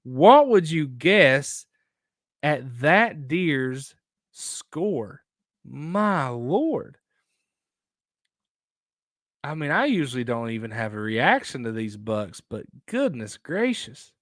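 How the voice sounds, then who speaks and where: A man hosting a casual outdoors live stream, rambling and excitable as he reacts to viewer photos. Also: medium pitch, takes it slowly, pauses often, no room sound, clean studio sound. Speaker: outdoors show host.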